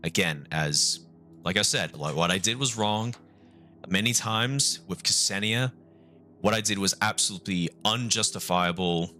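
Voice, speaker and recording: A young man talking on a live stream, halting and remorseful, swearing often and trying to stay calm and measured. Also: on the low side, soft background music. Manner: halting, remorseful, repeats and restarts. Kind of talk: casual live-stream talk.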